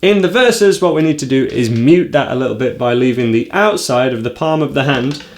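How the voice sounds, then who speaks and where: Guitar teacher counting strums over music. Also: male voice, mid-range voice, lively intonation, brisk. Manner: counts and calls out strums aloud. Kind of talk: guitar lesson. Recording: guitar playing behind.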